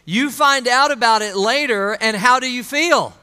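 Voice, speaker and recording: A man's voice: very high voice, lively intonation, unhurried, few pauses, pushed and bright, smooth. A man preaching a conversational sermon to his congregation, asking them questions and calling for amens. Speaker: pastor.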